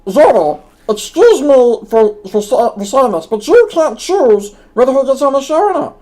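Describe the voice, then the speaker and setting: A man's voice: very high-pitched, sing-song, moderate pace, mellow, low-quality recording. A man voicing a naive, clueless young man who argues defensively in comedic gaming banter. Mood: indignant. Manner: argumentative, defensive.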